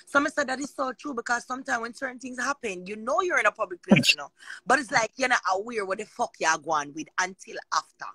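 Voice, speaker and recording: A woman's voice: fairly high pitch, fast talker, sharp tone, slightly rough, dry recording. A Jamaican woman talking casually on a live chat, emphatic and rambling.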